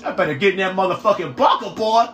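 A man streaming a game live, commenting loudly and profanely and trash-talking his teammates in excited bursts. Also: sits high, fast, echoey room.

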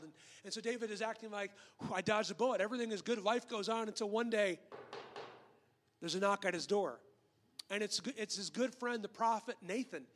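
A male pastor preaching a sermon in a relaxed, conversational storytelling way, often repeating and restarting words, acting out the quotes and dropping in joking asides. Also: high-pitched, long reverb tail. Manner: frequent word repeats and restarts.

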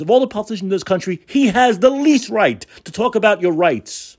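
A male talk show host tearing into a political monologue, his husky voice swinging from high outbursts down into low mutters. He rants with sarcasm and a steady stream of profanity, and he sounds plainly angry. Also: fairly quick.

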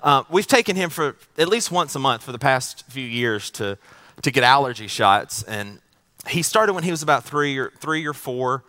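A man's voice: medium pitch, lively intonation, moderate pace, pushed and bright. A man preaching a sermon as pastor. He tells a family story in a casual, joking way and often repeats his words as he goes.

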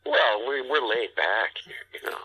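A man's voice: medium pitch, sing-song, moderate pace, sharp tone, slightly rough, low-quality recording. A man guest in a casual chat, curious and easygoing, asking questions. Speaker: podcast guest.

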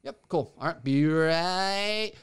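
Young male podcast co-host, smooth clear voice, eager and rambling. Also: a little high, slow. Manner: enthusiastic, rambling with fillers and restarts. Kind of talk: casual chat.

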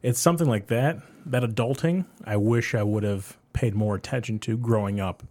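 A man's voice: medium pitch, moderate pace, a little mellow. A man in his thirties chatting casually, rambling through stories with lots of fillers. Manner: rambling storyteller with many fillers. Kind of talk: casual chat.

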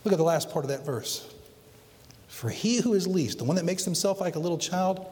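Middle-aged guy pastor preaching, high voice, dramatic swings loud to soft, long church echo. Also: animated, normal speed. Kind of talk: sermon. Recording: long hall reverb.

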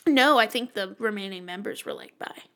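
A woman's voice: medium pitch, normal speed, fairly bright tone. A woman co-hosting a podcast in casual comedic chat, self-deprecating and laughing often, close to the microphone. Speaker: podcast co-host.

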